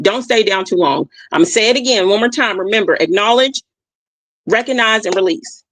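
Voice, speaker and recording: A woman speaking in a dry, close-up way, with no room echo. She talks at a middle pitch as she hosts a motivational livestream, repeating her key lines with emphasis and checking in with "okay?" along the way. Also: lively intonation, fairly quick. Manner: addresses listeners warmly as "y'all". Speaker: livestream host. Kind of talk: motivational reflection talk. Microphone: streaming mic.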